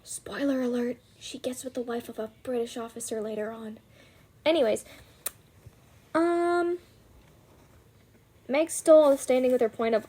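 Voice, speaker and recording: A woman's voice: on the high side, a little slow, long pauses, warm tone, slightly rough. A woman book vlogger who gives a casual, chatty plot recap, full of fillers and swearing.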